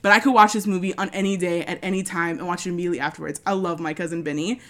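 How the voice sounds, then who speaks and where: A woman's voice: fairly low pitch, rapid-fire. A woman co-hosting a casual chat. She tells stories with lots of swearing and sudden jumps into put-on voices. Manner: animated storytelling, frequent swearing; doing voices while retelling scenes.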